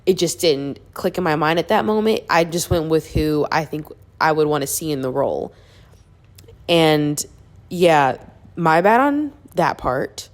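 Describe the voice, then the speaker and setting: A woman with a notably low voice talks in a casual vlog aside. She teases herself and then offers a sheepish apology before moving on. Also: animated, a little slow. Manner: self-mocking, sheepish apology. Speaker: book reviewer.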